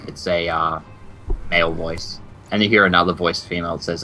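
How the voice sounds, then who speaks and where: A man's voice: deep voice, fairly even intonation, measured pace, pauses often, pushed and bright, slight background noise, poor audio. A man narrating as dungeon master in a casual, joking way, with loose fillers. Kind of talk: narrating a tabletop game.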